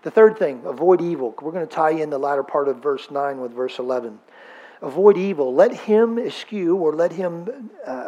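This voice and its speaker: A male pastor delivers a sermon in a somewhat raised, husky voice. He keeps it conversational, firing off rhetorical questions and turning to the congregation with asides. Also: on the high side, darkish tone.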